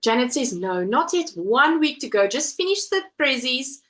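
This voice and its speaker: A woman's voice: high-pitched, big pitch swings, normal speed, a bit bright, low-quality recording. A woman hosting a casual crafting live stream from home, chatting and reading viewer comments aloud. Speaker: livestream host.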